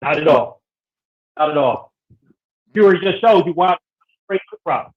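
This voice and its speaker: Man, guest debater, needling and blunt, husky voice, muffled call audio. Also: on the high side, expressive, normal speed. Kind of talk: heated casual debate.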